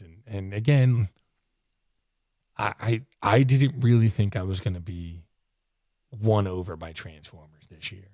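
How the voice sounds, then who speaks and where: Winded guy rambling excitedly about a comic, lots of "like", lowish voice, dry sound. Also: a little slow, pauses often, no room sound. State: out of breath, voice fading. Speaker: comic book reviewer. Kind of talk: casual video review.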